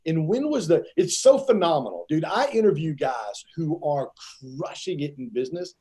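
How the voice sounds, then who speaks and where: A man interviews his guest in a casual, enthusiastic way, tripping over his questions. His voice is fairly high and lively in pitch but warm and mellow in tone. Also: moderate pace.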